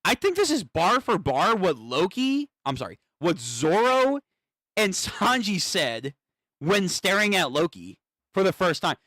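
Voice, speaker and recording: A man streaming a live manga reaction, thinking aloud, swearing and getting excited as he reads. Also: high-pitched, measured pace, no room sound, studio quality.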